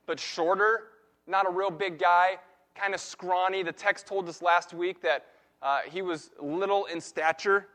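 A man preaching a sermon, retelling a Bible story in a lively way and acting out the characters' lines. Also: sits high. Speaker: pastor.

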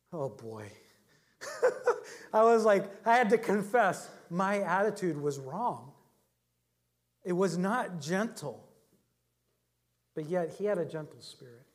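Middle-aged male preacher, casual anecdotal delivery, voice sits a bit high. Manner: conversational storytelling, chuckles often. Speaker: pastor. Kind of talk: sermon with personal anecdotes.

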